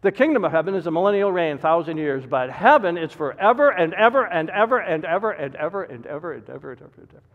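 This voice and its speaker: A man preaching a sermon, swinging between loud emphatic climbs and quiet low drops, firing repeated rhetorical questions at the congregation. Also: animated, fast, hardly any pauses. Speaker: pastor. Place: church sanctuary. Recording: reverberant hall, dull lo-fi sound.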